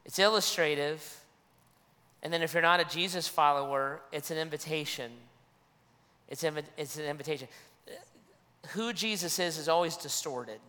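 A man's voice: a little high, normal speed, pauses often, pushed and bright, long reverb tail. A man preaching a sermon as a pastor, earnest, often restarting and repeating his phrases.

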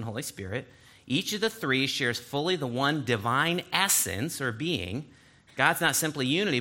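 Animated, bright-voiced male preacher. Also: mid-range voice. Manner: animated teaching, reading scripture aloud with asides. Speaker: pastor. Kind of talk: sermon.

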